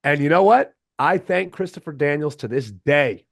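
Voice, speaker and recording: A man guesting on a podcast, telling stories in a casual, animated way, often acting out what others said and laughing. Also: fairly high pitch, normal speed, gravelly, no room sound, studio quality. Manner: animated, acts out quotes in changed voices. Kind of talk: casual storytelling interview.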